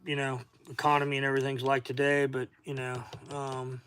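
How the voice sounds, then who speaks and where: A man's voice: mid-range voice, completely flat delivery, brisk, fairly bright tone, clear, resonant tone. A middle-aged man from Florida with a Southern accent, tired, chatting casually in a rambling way on a livestream from his garage workshop, greeting viewers by name. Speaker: outdoor livestream host.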